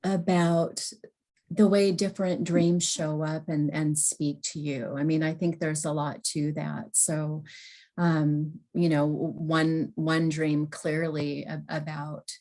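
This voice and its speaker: A woman's voice: low voice, flat delivery, slow, dark tone. A woman guest on a podcast, talking thoughtfully and hesitantly with some restarts. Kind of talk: conversational podcast talk.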